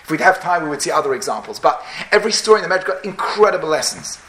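A man's voice: on the high side, sing-song, racing, bright, forceful tone. A man preaching a sermon as a rabbi, telling a story with emphatic, dramatic swings. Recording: echoey room.

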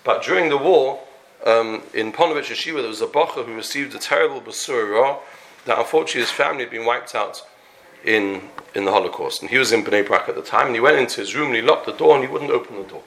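A man's voice: mid-range voice, fast talker, a bit bright. A man telling a long story in a Torah lecture, acting out the characters and sprinkling in Yiddish and Hebrew terms. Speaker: Torah teacher.

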